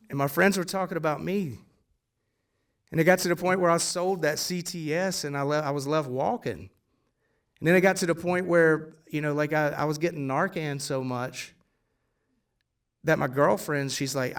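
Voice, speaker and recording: A man's voice: fairly high pitch, fairly even intonation, normal speed, clean tone, far from the mic. Blunt man telling his story on stage. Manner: casual and blunt, swears, acts out dialogue. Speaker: guest speaker sharing a recovery story. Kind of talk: live storytelling testimony. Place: theater stage before an audience.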